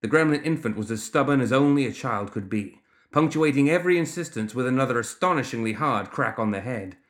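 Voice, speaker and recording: Audiobook narrator with a lively, animated read. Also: medium pitch, brisk. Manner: expressive storytelling. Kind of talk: scripted narration.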